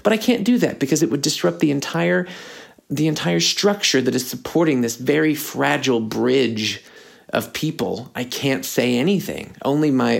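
Gravelly young man ranting, a bit sick. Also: mid-range voice, animated, normal speed. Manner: rambling, aggrieved, many fillers and restarts. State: slightly sick, throat clearing. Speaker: podcast host. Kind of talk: casual solo podcast rant.

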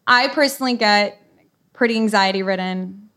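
A woman's voice: medium pitch, moderate pace, pushed and bright. A woman hosting an onstage interview, chatty and self-deprecating. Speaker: host interviewer.

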